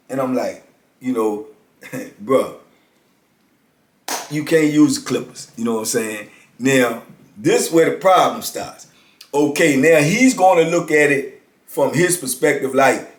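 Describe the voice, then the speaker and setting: A man's voice: medium pitch, measured pace, long pauses. A man in his fifties casually telling a story about prison life, talking conversationally and often checking in with "you know what I'm saying". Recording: roomy echo.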